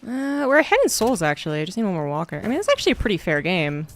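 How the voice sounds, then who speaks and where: A woman from Virginia with a Mid-Atlantic American accent, chatting casually as a gaming streamer and swearing freely while she thinks out loud. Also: mid-range voice, very animated, very fast, slight background noise.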